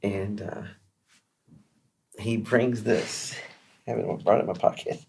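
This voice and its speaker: Gravelly low-voiced man telling a story. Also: a little slow, slight background noise. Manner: chatty, animated, lots of fillers and restarts. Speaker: guest musician. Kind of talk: casual interview storytelling.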